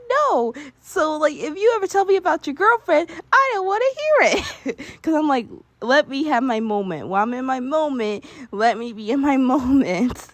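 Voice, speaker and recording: A young woman in casual chat, sharing excitable, rambling fan theories with frequent giggles. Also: mid-range voice, no echo.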